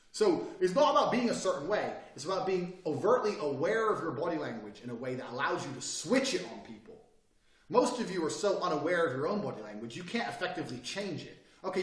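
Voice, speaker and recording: A man talking bluntly and profanely in a casual monologue, swinging between loud bursts and quiet, calm lines. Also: on the high side, roomy sound, recorded from a distance.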